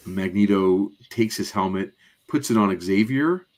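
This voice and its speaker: A man's voice: on the low side, a little slow, darkish tone. A man co-hosting a podcast, casually recapping scenes in detail with plenty of "um"s and asides. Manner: detailed, rambling recap with many fillers. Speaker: podcast co-host.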